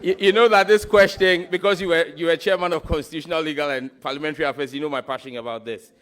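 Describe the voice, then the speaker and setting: A man with a Ghanaian accent, a minister nominee, answering a parliamentary committee forcefully and emphatically. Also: medium pitch.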